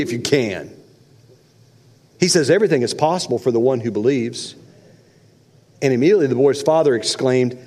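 Male pastor, fairly high voice, animated conversational preaching, long hall reverb. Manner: animated, conversational preaching with sudden loud and soft swings. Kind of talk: sermon.

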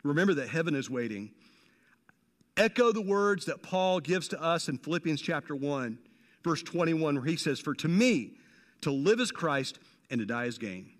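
A man's voice: a little high, sing-song, normal speed, long reverb tail. A man preaching a sermon in a conversational way, repeating phrases for emphasis and dropping in casual slang. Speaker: pastor.

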